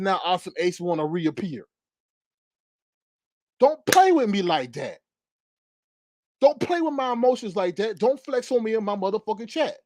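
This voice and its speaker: A man hosting a livestream rants angrily, profanely and repetitively in a heated outburst. His voice sits high with a darkish tone, captured in a dry, clean studio recording.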